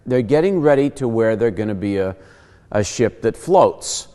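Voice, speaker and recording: A man's voice: fairly low pitch, normal speed, long reverb tail. A man hosting a casual Bible teaching show, joking and acting out quotes as he explains. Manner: animated, joking, acts out quotes.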